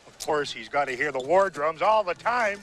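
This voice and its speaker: An actor playing a sly, playful male trickster on the frontier, dry and deadpan, in a film clip. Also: on the high side, normal speed. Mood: wry. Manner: wry, deadpan storytelling. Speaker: film character. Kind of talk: film dialogue. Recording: film clip with background noise.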